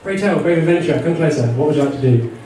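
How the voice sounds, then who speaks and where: Rapid-fire and animated, this man's voice is on the high side and mellow. As game master of a live text-adventure game for a convention panel audience, he rambles and jokes, laughs often, and keeps dropping "you know" asides; the echoey hall recording catches him far from the mic amid crowd noise.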